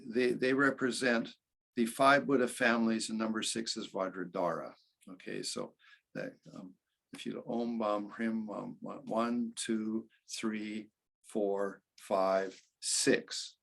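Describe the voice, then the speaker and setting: Husky gravelly-voiced man teaching. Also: lowish voice, fairly even intonation, slow, fairly bright tone. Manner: conversational, with many restarts and "okay". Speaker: meditation teacher. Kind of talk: casual spoken commentary.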